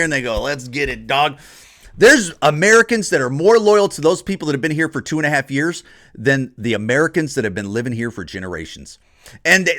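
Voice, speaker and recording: A podcast host from Ohio delivers a repetitive, combative rant on an opinion show, mocking others in put-on voices. His voice is fairly high, pushed and bright.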